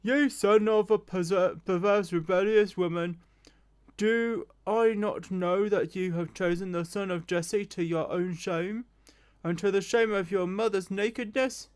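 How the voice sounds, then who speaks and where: A furious older king snarls his threats in a slow, harsh voice, heavy with contempt, put on by a woman reading a scripture story aloud. His tone is altered and weighty, far from an ordinary speaking voice. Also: mid-range voice, a little mellow, smooth, natural voice.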